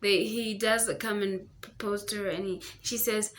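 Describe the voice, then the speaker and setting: A woman's voice: mid-range voice, flat delivery, normal speed, slight background noise. A woman, chatting casually and gushingly to camera while reviewing a book at home. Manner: chatty and gushing, lots of fillers. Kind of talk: casual vlog chat. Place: home near a busy road.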